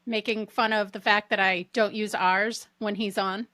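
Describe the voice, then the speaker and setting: Bright Massachusetts woman, laughing guest. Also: medium pitch, little pitch movement, no room sound. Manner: laughs often, quick reactions. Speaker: podcast guest. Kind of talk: casual chat.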